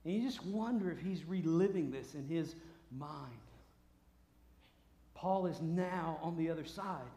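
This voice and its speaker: A man preaching a sermon, swinging from booming shouts to hushed asides. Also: animated, a little slow, pauses often. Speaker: pastor. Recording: roomy echo.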